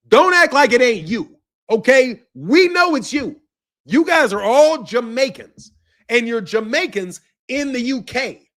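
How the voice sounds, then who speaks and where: A man from the United States ranting without a script as a boxing channel commentator, loud and profane, laughing between lines. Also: extremely high pitch, big pitch swings, slow. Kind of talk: unscripted profane rant.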